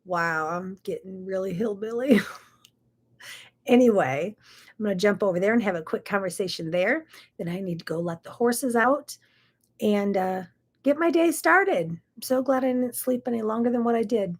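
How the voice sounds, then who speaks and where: A woman's voice: medium pitch, expressive, moderate pace. A middle-aged woman, hosting a chatty, folksy morning talk show. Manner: chatty, folksy, says y'all. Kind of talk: casual chat.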